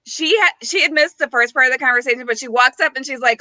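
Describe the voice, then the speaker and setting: A woman's voice: high voice, fast talker, bright, forceful tone, no room sound. A woman co-hosting a podcast, telling a story in casual chat and laughing often. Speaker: podcast co-host.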